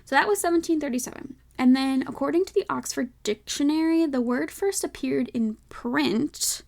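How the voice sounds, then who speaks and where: The host of this casual solo podcast is a young woman whose voice sits high yet has a creaky, somewhat dark tone. She talks at normal speed with a light Southern American accent, chatting along with many "like" fillers and asides where she checks herself.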